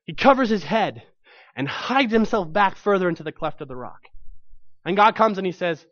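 High-voiced man preaching a lively sermon. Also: fairly quick, no room sound, lo-fi sound. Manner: animated storytelling, acts out quoted voices.

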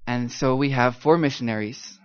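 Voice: medium pitch, moderate pace, clear, resonant tone, highs cut off. A missionary giving an upbeat church talk to a live audience, teasing them kindly and singing out syllables to demonstrate the tones.

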